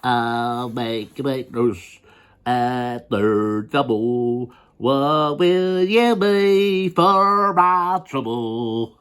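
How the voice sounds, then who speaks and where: A man voicing a squeaky little magic man who sings his rhymes slowly in a country-western style. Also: expressive, fairly bright tone, clean tone. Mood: sing-song.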